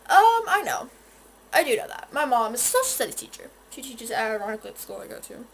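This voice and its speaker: Filming herself on a phone camera in her bedroom, a North Carolina teen of fourteen does her makeup and rambles, restarting often and quoting asides. Her fairly high voice is very animated and quick, slightly rough, with vocal fry.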